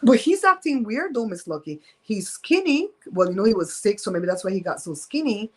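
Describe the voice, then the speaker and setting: A woman's voice: mid-range voice, sing-song, brisk, rough recording. A woman hosting a casual live-stream storytime from home, talking in a candid, emphatic and gossipy way. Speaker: host of a live show.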